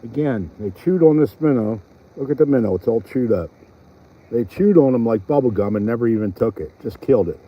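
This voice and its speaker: A man's voice: mid-range voice, lively intonation, a little fast, husky, highs cut off. A man chatting casually on a fishing vlog by a pond, rambling with fillers. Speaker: fishing vlogger. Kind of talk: casual outdoor vlog narration. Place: outdoors by a pond.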